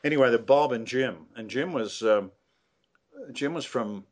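An older man with a mid-range voice speaks at a measured pace as a guest in a casual storytelling interview. His anecdotes come out rambling and hesitant, full of fillers and restarts.

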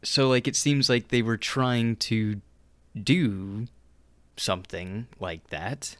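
A man's voice: fairly low pitch, slow pace, no room sound. A man casually discussing movies on a podcast, laid-back and hedging his opinions.

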